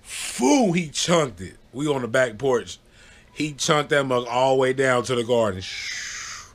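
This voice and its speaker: A young man telling a childhood story in a relaxed, rambling vlog style, often checking in with "you know what I'm saying" and breaking into laughter. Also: mid-range voice, normal speed. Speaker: vlogger. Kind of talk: casual storytelling.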